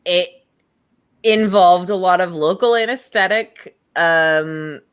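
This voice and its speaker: Young female podcast co-host, lowish voice, slow unhurried delivery, casual storyteller who acts out the quotes. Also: clean tone. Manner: storytelling with acted-out quotes and laughter. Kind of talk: casual true crime chat.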